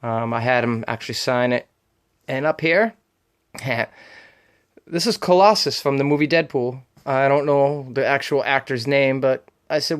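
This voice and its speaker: A man's voice: medium pitch, unhurried, clear, resonant tone. A man with a Boston accent chatting casually in a show-and-tell vlog, rambling with frequent ums and uhs as he talks about his comic collection.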